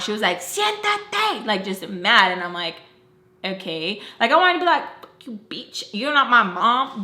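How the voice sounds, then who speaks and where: A woman's voice: medium pitch, pushed and bright. A young woman telling a personal story in a casual, chatty way, full of "like" and acted-out quotes. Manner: chatty, lots of "like", acts out quoted lines. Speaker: storytime vlogger. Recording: roomy echo.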